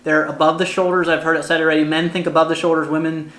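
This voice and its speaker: A young man co-hosting a casual chat, relaxed and joking with his wife. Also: a little high, quick pace, reverberant. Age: young adult. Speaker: co-host, husband.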